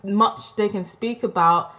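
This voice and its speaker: A woman's voice: medium pitch, slow, bright, forceful tone. A woman giving casual, opinionated commentary as a vlogger reviewing a TV show, frank and sarcastic in a gossipy way, recorded on a desktop microphone. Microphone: desktop USB microphone.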